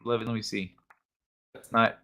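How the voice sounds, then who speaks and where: A man's voice: lowish voice, little pitch movement, moderate pace, fairly bright tone. A man hosting a casual late-night livestream, laid-back and chuckling as he reads the chat aloud. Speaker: livestream host.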